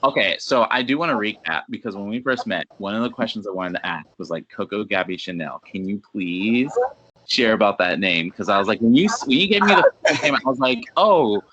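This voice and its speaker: A man interviewing a guest over a video call, relaxed and encouraging. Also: lowish voice, a little fast, dull audio, a little hiss or hum. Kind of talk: casual interview.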